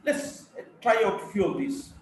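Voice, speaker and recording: A man's voice: high voice, a little slow. A male college lecturer from India with a Bengali-influenced Indian English accent, giving a recorded lecture and reading out terms and examples one after another. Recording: echoey room, from a distance, faint background noise.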